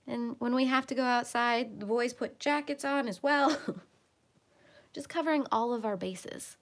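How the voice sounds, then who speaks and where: A woman hosts a relaxed livestream from her home. Her voice sits a little high and she talks in an easy, chatty way. Now and then she drifts into soft near-whispers while she focuses on her work. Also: unhurried. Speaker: livestream host. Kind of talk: casual livestream chat while coloring.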